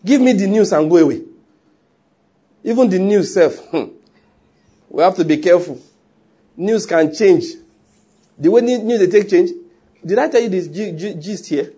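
A man's voice: sits high, animated, moderate pace, long pauses, dark tone, slightly rough. A man preaching a sermon in an emphatic, conversational way, with joking asides. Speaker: pastor.

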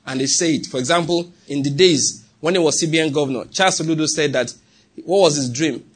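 A man's voice: fairly high pitch, brisk, slightly rough. A man with a Nigerian English accent preaching a sermon, emphatic and often asking whether the congregation follows. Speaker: pastor.

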